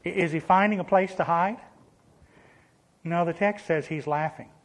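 A pastor preaching a sermon, with sudden emphatic rises and dry sarcastic asides. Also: male voice, high voice, moderate pace.

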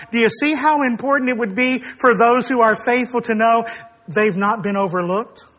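A man's voice: high voice, fairly bright tone. A man preaching a sermon, earnest and emphatic, stressing his words and sometimes acting out quoted speakers.

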